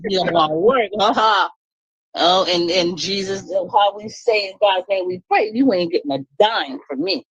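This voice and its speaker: A woman's voice: medium pitch, measured pace, husky, no room sound, dull audio. A woman speaking up in an online talk room, venting bluntly and emphatically about her marriage and laughing as she talks. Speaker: caller sharing her story.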